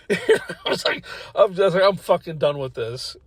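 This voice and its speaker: A man tells a rambling story from his own life, swearing freely and tripping over his own sentences as he goes. His voice sits a bit high for a man. The sound is dry and close, with no room echo. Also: animated, unhurried, breathy edge. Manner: rambling, profane, self-interrupting, laughs while telling. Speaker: podcast host. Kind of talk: casual storytelling.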